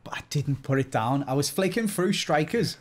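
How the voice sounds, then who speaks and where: A man with a Scouse accent from Liverpool, chatting casually as a guest player, thinking out loud and laughing easily. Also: fairly high pitch, expressive. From Liverpool, England. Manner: chatty, self-questioning, quick to laugh. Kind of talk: casual gaming chat.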